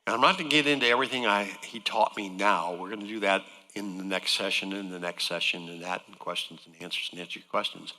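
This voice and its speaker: A man's voice: sits low, fast, hardly any pauses, bright, forceful tone, big-room sound. A man giving an emotional church testimony, storytelling with wry joking asides. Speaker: guest speaker sharing a testimony. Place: church sanctuary.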